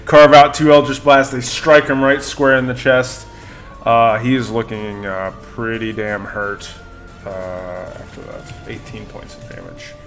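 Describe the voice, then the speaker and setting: A man running a tabletop game on a live stream, easygoing and quick to correct himself with a laugh. His voice sits at an ordinary middle pitch. Faint music plays under him. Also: fairly even intonation, fairly bright tone. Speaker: game master.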